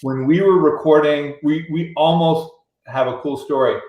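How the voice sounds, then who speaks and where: A man's voice: fairly high pitch, steady tone, normal speed, darkish tone, reverberant, poor audio. A man, a musician, telling a long anecdote in casual chat, restarting and acting out other people's lines. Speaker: musician guest. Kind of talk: casual storytelling on a radio show.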